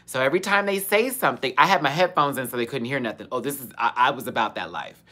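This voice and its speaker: A woman's voice: very deep voice, fast, sharp tone. A young woman hosting a live Q&A, telling a story in a sassy, profane, dramatic way with bursts of laughter. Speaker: host of a live Q&A show. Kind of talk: casual storytelling on a livestream.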